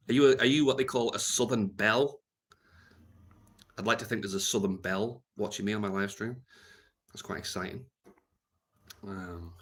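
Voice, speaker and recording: A man rambling on his live stream, deadpan and meandering, with lots of ums and trailing thoughts. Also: fairly low pitch. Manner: meandering and deadpan, heavy with fillers.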